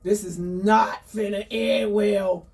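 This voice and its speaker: A woman's voice: mid-range voice, steady tone, takes it slowly, a little mellow, recorded from a distance, lightly acted. A woman voicing a blunt male barn cat giving matter-of-fact warnings. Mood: worried.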